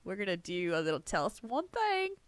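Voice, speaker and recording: A woman's voice: medium pitch, wildly swooping pitch, a little fast, loud music behind the voice. A woman co-hosting a podcast in casual chat, talkative and often laughing as she trails off. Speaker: podcast co-host.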